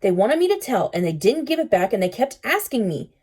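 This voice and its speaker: A woman voicing an anxious, slow boy who cries easily, reading him in a halting, tearful way. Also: mid-range voice, sing-song, a little mellow, breathy edge.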